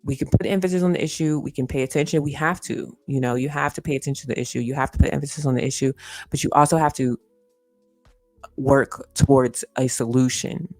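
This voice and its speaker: A woman's voice: very deep voice, steady tone, fast talker, darkish tone, no echo, faint music behind. A woman hosting a casual commentary livestream, earnest and repeating her points with lots of "you know" fillers. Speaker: host. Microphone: streaming setup.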